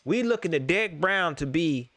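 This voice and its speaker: A man hosting a casual sports talk stream, animated and joking, repeating his lines for effect. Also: on the high side, normal speed.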